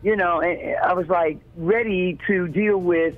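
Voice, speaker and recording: A woman in her sixties from Chicago, telling stories as an interview guest in an animated, chatty way and often repeating words as she starts a sentence. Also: lowish voice, measured pace, faint music behind. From South Side Chicago. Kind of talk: casual storytelling. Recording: phone-like narrow sound.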